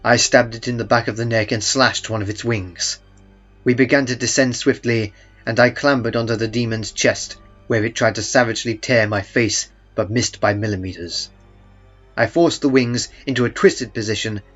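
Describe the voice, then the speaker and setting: Calm man narrating a horror story. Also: mid-range voice, normal speed. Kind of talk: scripted first-person horror narration. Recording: muffled, with faint music beneath.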